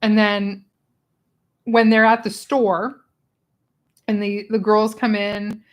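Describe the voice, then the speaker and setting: A woman hosting a casual book club livestream, chatty and expressive, who laughs often, talking into a small clip-on mic. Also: mid-range voice, takes it slowly. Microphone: small clip-on microphone.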